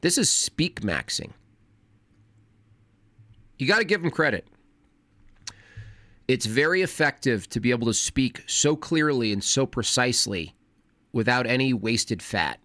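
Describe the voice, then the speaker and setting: A man on a casual livestream, talking fast and wordily with frequent restarts. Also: medium pitch, very animated, pushed and bright, dry recording. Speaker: streamer.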